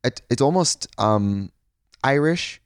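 A man rambling through a casual comedy podcast chat, mid-pitched and even-keeled in the middle range. His voice sits close and dry, with no room around it. He drifts between stories and jokes in an easy, loose way. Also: slow, smooth, dry recording. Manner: chatty, rambling, breaks into put-on voices. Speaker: podcast co-host.

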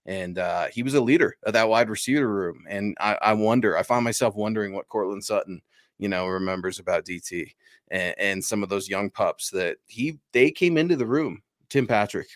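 Low-pitched guy cohosting a sports podcast, earnest and reflective, dry mic. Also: no room sound. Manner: earnest, reflective, reads viewer donations and comments. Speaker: podcast co-host. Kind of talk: casual sports podcast chat.

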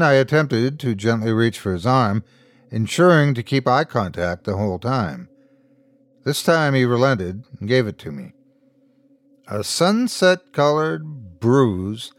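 A man narrating a scripted horror story in a measured storytelling voice, lightly voicing the characters. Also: mid-range voice, dry recording. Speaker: host and narrator.

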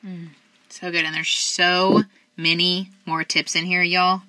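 A woman's voice: lowish voice, level tone, takes it slowly, pushed and bright, dry recording. A woman hosting an interview, affirming and heartfelt as she sums up and thanks her guest. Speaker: podcast host. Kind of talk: casual interview chat.

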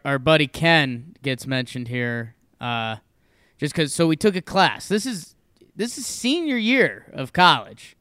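A young man co-hosting a casual podcast, telling a story with lively energy and frequent laughs. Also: fairly high pitch, clear, resonant tone, dry recording, clean studio sound. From Connecticut, USA. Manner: animated storyteller, laughs often. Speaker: podcast co-host. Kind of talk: casual chat.

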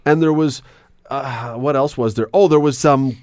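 A man's voice: medium pitch, normal speed, darkish tone, no echo. A man hosting an evening radio talk show, chatty and playful, laughing often as he talks in the studio. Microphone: studio microphone.

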